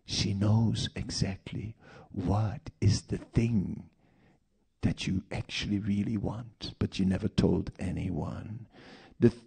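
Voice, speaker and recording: A male preacher talks slowly and unhurriedly, in a low, gravelly voice. His tone is warm and husky, and he tells his story through rhetorical questions and asides. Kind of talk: sermon.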